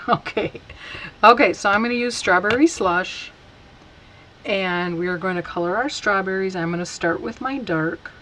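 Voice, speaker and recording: A woman teaching a casual stamping tutorial, chatty and unhurried as she talks while working. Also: on the low side, fairly bright tone, a little hiss or hum, low-quality recording. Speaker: card-making instructor.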